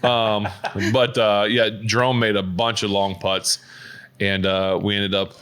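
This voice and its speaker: A male podcast co-host with a fairly low, clear and resonant voice talks at a measured pace. The delivery is flat and a little bright as he rambles casually, often restarting and using fillers.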